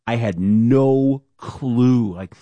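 Animated storytelling male co-host, dry sound. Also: medium pitch, normal speed, no echo, muffled recording. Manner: animated storyteller, acts out quotes. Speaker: podcast co-host. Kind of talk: casual sports chat.

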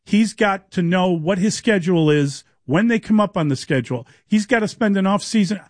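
A man's voice: high voice, lively intonation, moderate pace, no echo. A man co-hosting sports talk radio, blunt and skeptical, pushing back on his partner.

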